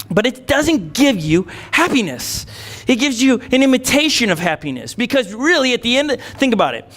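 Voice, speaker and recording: A man with a high voice preaches from a church stage in a loose, conversational sermon. He jokes with the congregation and acts out little quotes. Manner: animated, conversational, with playful asides and acted-out quotes. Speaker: pastor.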